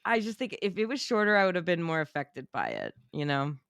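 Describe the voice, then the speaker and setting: A young woman co-hosting a casual chat, animated and laughing often, with lots of fillers. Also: on the low side, brisk, vocal fry, no echo, clean studio sound. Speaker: podcast co-host.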